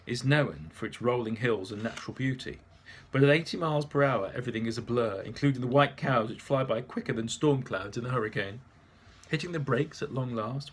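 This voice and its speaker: A man's voice: medium pitch, breathy edge. Wry man reading a memoir. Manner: dry, wry humour. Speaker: narrator. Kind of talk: audiobook memoir narration.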